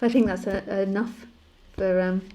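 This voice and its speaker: A woman, a spiritual teacher, speaking calmly and repetitively in a live-streamed session and laughing easily. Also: mid-range voice, a little slow, slight background noise.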